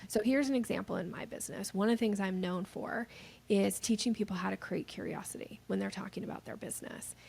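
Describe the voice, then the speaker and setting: A woman guest on a podcast explaining sales techniques, lively and animated, acting out the voices of the people she quotes. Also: medium pitch, fast, gravelly, breathy edge.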